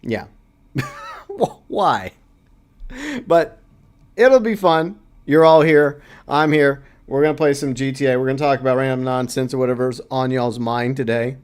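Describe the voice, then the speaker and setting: A man's voice: mid-range voice, steady tone, moderate pace, clean tone. A man hosting a casual livestream, chatting loosely and reading out viewer comments. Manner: chatty, reads chat aloud, playful asides. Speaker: livestream host.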